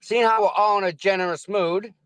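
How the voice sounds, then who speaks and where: Rambling live-streamer, male, high-pitched, dry close sound, chatting from his car. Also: steady tone, a little fast, a bit bright, smooth, no echo, low-quality recording. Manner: rambling, repeats words, thanks viewers effusively. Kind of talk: casual live-stream chat while driving. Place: car in traffic.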